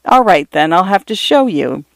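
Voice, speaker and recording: A reader voicing a tender, playful father in an audiobook, speaking gently. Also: mid-range voice, sing-song, normal speed, vocal fry, dry recording. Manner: gentle, teasing. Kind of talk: audiobook character voice.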